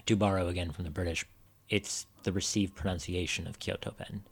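A man's voice: deep voice, steady tone, fairly quick, gravelly, slightly rough. A man co-hosting a podcast, chatting casually in a wry, opinionated way. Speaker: podcast co-host. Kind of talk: casual discussion.

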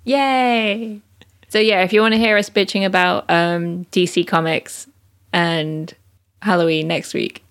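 Podcast co-host, female, lowish voice, informal, laughs easily. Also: steady tone, unhurried, a bit bright. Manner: laughs often, loose and informal. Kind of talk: casual chat.

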